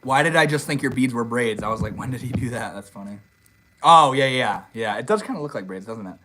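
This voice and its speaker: A man's voice: mid-range voice, expressive, a little fast, sharp tone, a little hiss or hum, rough recording. Laid-back young man on a live stream. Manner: laid-back, swears casually, says dude and bro a lot. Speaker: livestream host. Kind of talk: casual livestream chat reading comments. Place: outdoors in the desert.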